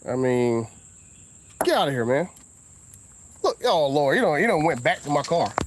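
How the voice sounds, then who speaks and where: Laid-back Southern man rambling. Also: big pitch swings. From Southern United States. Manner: laid-back, drawn-out talk with sudden high exclamations. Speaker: car vlogger. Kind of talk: casual rambling monologue.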